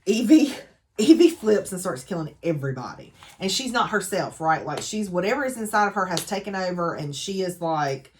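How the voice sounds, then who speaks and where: A woman's voice: lowish voice, sing-song, normal speed, a little hiss or hum. A woman gives a casual, chatty book recap full of dramatic asides. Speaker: book reviewer.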